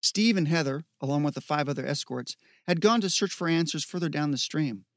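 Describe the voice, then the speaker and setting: A man narrating an audiobook in a steady, measured reading. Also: a little high, dry recording, studio quality.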